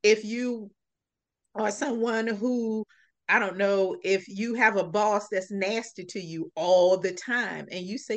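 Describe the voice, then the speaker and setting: Speaking slowly in a mid-range voice, a woman appears as a podcast guest in a relaxed interview chat. Her storytelling is sarcastic and funny, and she animatedly performs many of the quotes she recounts.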